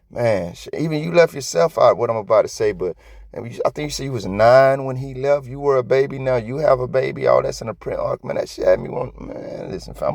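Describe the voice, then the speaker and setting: A man's voice: mid-range voice, gravelly, no room sound, studio quality. A man hosting a commentary channel, talking casually and emotionally, with a lot of swearing. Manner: profane, emotional, animated rants.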